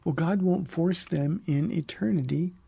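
A middle-aged male pastor answers listeners' Bible questions in an emphatic, earnest way and often restarts his sentences. His voice is gravelly and a little husky. It sits fairly high for a man and has a mellow tone. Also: unhurried. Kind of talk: radio call-in Bible teaching.

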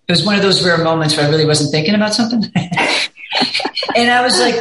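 A woman's voice: fairly low pitch, fast, fairly bright tone. A middle-aged woman talking as an interview guest in a candid, rambling way, often saying "you know". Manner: rambling, candid, peppered with 'you know'. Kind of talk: casual interview chat. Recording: echoey room.

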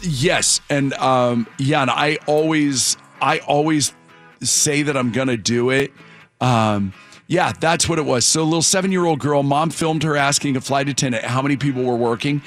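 A man's voice: medium pitch, normal speed, faint music behind. A man hosting a morning radio show, chatting casually and rambling with fillers and restarts. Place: radio studio.

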